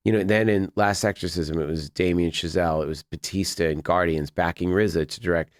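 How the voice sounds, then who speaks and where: A man's voice: sits low, steady tone, fairly quick, dry recording, clean studio sound. A man from Boston, a film director as a guest, talking casually in a podcast interview and acting out what other people said as he tells his stories. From Boston, USA. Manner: rambling storyteller who acts out quoted people.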